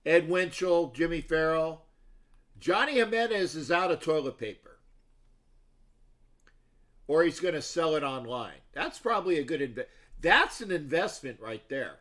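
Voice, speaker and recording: A man with a somewhat high speaking voice hosts a sports show livestream. He talks loosely to his viewers and rambles from story to story. He often restarts his sentences and breaks off into asides. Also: lively intonation, unhurried, pauses often, fairly bright tone. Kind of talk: casual rambling livestream chat.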